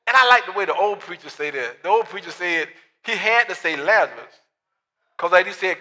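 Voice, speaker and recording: A male pastor preaching a sermon, telling a Bible story with dialogue in quiet asides and building up to shouts. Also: high voice, lively intonation, normal speed, pauses often, big-room sound.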